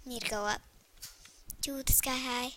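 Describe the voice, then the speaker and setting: A young female gaming video creator chatting excitably to herself while she plays. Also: high-pitched, unhurried, a little hiss or hum. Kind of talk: casual gameplay commentary.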